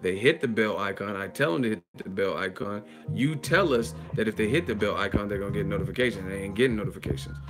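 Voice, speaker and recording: A grown man streaming live, ranting bluntly and profanely about boxing, with mocking asides in a high sneering voice. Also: quick pace, few pauses, music in the background. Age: adult. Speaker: boxing commentary livestreamer. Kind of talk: casual livestream rant.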